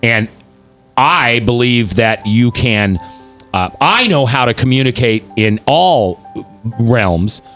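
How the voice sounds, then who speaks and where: Animated fifty-something male radio host. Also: medium pitch, takes it slowly, soft background music. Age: 50s. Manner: animated and preachy, acting out quotes. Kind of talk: talk radio commentary.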